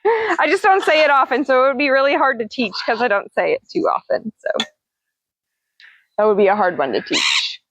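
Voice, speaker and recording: A woman's voice: high-pitched, big pitch swings, normal speed, background noise. A woman hosting a casual livestream as a parrot trainer, chatting with viewers and cooing to her birds in a singsong voice. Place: outdoors.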